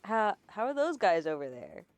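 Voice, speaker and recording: A woman's voice: medium pitch, very animated, moderate pace, dry recording. A woman streamer casually live-translating a game, with chatty, laughing asides. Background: game music.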